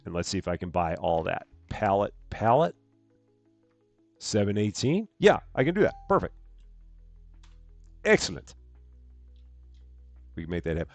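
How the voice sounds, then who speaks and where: A man's voice: fairly low pitch, big pitch swings, unhurried, pauses often, no room sound, soft background music. Guy live streaming a game from his room, projecting a bit, bouncy voice, dry mic. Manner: chatty, reads chat aloud with bright greetings; says he projects louder than normal. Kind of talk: casual live-stream chat. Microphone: headphones on, desk mic.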